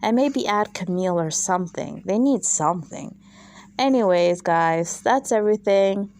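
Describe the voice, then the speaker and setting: A woman's voice: medium pitch, animated, normal speed, a little mellow. A woman vlogging a casual, opinionated recap of a reality show, chatty and exasperated, full of fillers and asides.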